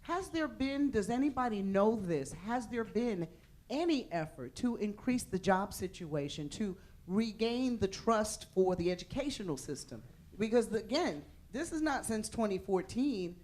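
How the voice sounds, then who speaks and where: A woman moderates a community panel with a mid-range voice. She asks questions and encourages speakers with gentle follow-ups. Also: mid-range voice, animated, measured pace.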